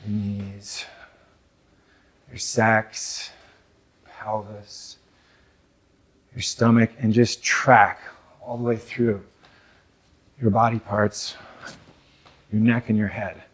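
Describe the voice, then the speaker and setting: A man's voice: on the low side, level tone, very slow, pauses often. A young adult man from North America gives a reflective, conversational talk on men's work to a live audience, with many fillers and asides.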